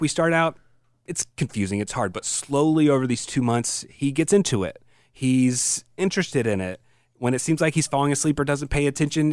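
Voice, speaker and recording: Earnest dad telling a story. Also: male voice, mid-range voice, no room sound, clean studio sound. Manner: storytelling, earnest, softens when moved. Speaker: podcast co-host. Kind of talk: casual chat.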